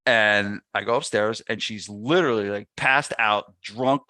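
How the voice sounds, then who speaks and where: A man's voice: on the low side, measured pace, dry recording, clean studio sound. A man guesting on a podcast, telling a casual story and acting out what people said. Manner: animated anecdote teller, acts out quotes. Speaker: podcast guest, gym business owner.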